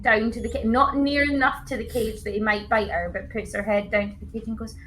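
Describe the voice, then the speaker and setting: Woman, high voice, giggly tabletop player, faint hiss behind. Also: steady tone, brisk, few pauses, fairly bright tone. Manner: giggly, acts out her character's lines in a high voice. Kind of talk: playing a tabletop game character. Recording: faint background noise.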